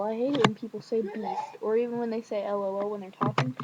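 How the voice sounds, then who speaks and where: A young woman vlogging from home at night, telling a childhood story in a rambling, sassy, animated way. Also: mid-range voice, quick pace, hardly any pauses, very noisy. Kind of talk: casual storytelling to camera. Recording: dull lo-fi webcam audio.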